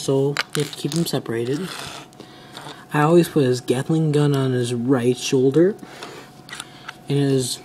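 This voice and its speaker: A man's voice: mid-range voice, mellow, slight background noise. A teenage boy casually reviewing toys, rambling and trailing off as he talks. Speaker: toy reviewer.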